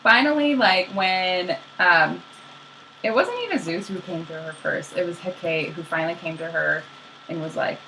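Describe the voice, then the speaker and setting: A young woman casually retelling myths as a podcast co-host, slangy and animated, acting out the characters. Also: lowish voice, normal speed, a little hiss or hum, poor audio.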